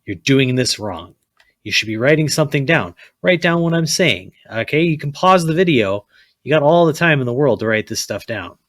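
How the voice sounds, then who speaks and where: A man's voice: mid-range voice, animated, moderate pace, fairly bright tone, no echo, studio quality. A man teaching a chemistry lesson, blunt and repetitive, often checking with "okay?" and telling students to write things down. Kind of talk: classroom lecture.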